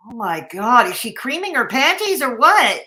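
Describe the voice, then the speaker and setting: A woman's voice: fairly high pitch, sing-song, moderate pace, sharp tone. A woman streaming a reaction, scolding and mocking the people in the clips in sarcastic commentary.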